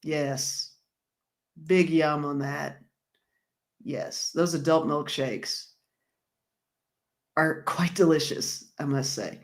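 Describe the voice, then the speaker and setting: Slow-talking giggly woman livestream host. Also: low voice. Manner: chatty, giggly, reads comments aloud. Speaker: livestream host reading viewer comments. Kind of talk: casual live-stream chat.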